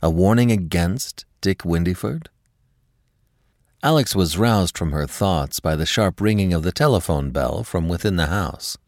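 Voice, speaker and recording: Low-voiced, expressive male storyteller. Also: unhurried, dry recording, studio quality. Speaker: podcast narrator. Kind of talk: audiobook narration.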